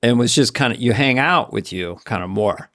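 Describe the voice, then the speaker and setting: Co-host guy telling stories, lively, acts out lines, normal mid voice. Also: mid-range voice, moderate pace. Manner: animated storyteller, acts out voices. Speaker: podcast co-host. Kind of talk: casual chat, storytelling.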